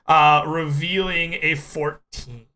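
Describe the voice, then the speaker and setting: A man running a tabletop game, narrating scenes for his players. His voice sits high and sounds bright and clear. He takes his time, pausing on fillers as he describes the action. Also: steady tone. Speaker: game master.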